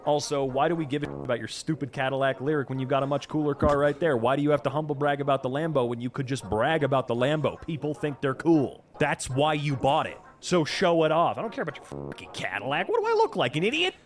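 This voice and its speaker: A man doing casual reaction commentary, animated and sarcastic, with plenty of swearing and asides. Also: mid-range voice, fast talker, few pauses. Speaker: reaction streamer.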